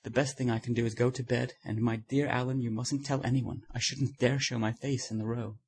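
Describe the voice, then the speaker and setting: A man reading the part of a young gentleman who speaks sulkily and in dismay. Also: mid-range voice, little pitch movement, fairly quick, husky. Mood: sulky. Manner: sulky, dismayed. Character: young gentleman, embarrassed and sulky.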